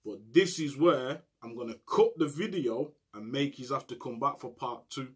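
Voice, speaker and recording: A man telling a story to camera in heavy street slang, animated and often checking in with "you get me". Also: medium pitch, normal speed, breathy edge. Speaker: storyteller recounting prison life.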